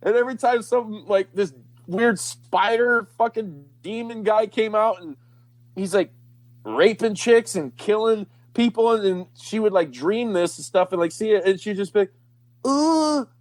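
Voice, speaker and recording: A man's voice: high voice, normal speed, dry recording. Rambling, foul-mouthed podcast host man. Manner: rambling, swears a lot, laughs often. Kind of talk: casual profane chat.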